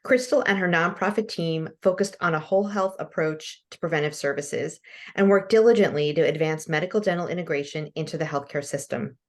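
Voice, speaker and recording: Brief: woman webinar host, slightly low voice, measured scripted read. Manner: reads guidelines and bio in a measured way. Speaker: webinar moderator. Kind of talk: scripted introduction. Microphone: video call.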